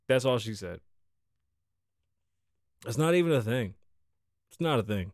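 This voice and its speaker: Animated, profane man from the Bronx. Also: mid-range voice, a little slow, pauses often, no echo, studio quality. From the Bronx, New York. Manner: profane, riffing, teasing a co-host. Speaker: podcast host. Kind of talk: casual freestyle podcast talk.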